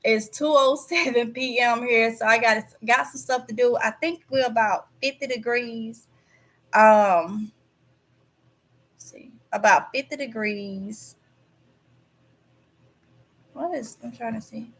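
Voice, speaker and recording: A woman's voice: a little high, slow, pauses often. A woman hosting a casual livestream, preachy and emphatic, repeating words for stress. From Mississippi. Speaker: YouTube channel host.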